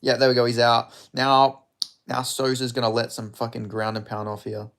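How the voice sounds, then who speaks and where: A man hosting a live fight watch-along, giving casual, profane commentary with sudden excited outbursts. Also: medium pitch, moderate pace. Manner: excitable, swearing, bursts into loud reactions.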